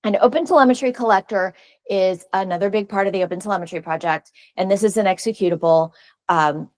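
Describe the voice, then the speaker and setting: Woman speaker at a tech meetup, relaxed chatty delivery, mid-pitched, dry recording. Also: quick pace, no echo. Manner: casual, chatty, frequent fillers and restarts. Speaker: conference speaker. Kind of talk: technical presentation. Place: meeting room.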